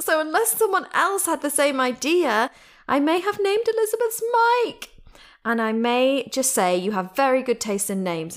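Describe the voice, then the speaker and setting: Bubbly British woman reading listener emails. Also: fairly high pitch. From Britain. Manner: bubbly, giggly, reads emails aloud with lively asides. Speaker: podcast host. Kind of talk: casual podcast chat reading listener emails. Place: at home.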